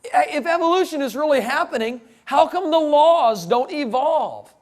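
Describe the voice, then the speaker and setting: A man with a strikingly high voice gives a joking lecture to a live audience. He keeps it light and animated, with playful asides. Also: unhurried. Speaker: creationist speaker.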